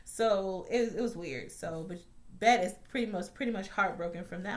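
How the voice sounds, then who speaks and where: A woman's voice: mid-range voice, animated, moderate pace, a bit bright. A woman talking through a TV episode recap in a casual, chatty way, blunt and full of swearing, with many fillers and restarts, her voice jumping up when she gets worked up. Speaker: TV recap reviewer.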